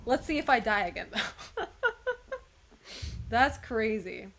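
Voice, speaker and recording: High, lively young woman gaming streamer. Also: slow. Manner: excitable, swears and laughs a lot, calls the game "bro". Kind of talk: gameplay commentary. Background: game music.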